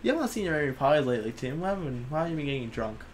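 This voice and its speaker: A man's voice: fairly high pitch, sing-song, racing, a little hiss or hum. A young man hosting a casual chat, rambling and crude and jokey. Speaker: host.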